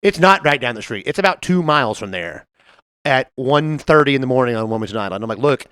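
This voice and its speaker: Fast, lively man telling a bar story. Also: mid-range voice, smooth, dry recording, clean studio sound. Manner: animated, laughing often, acts out quoted people. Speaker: podcast co-host. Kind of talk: casual storytelling chat.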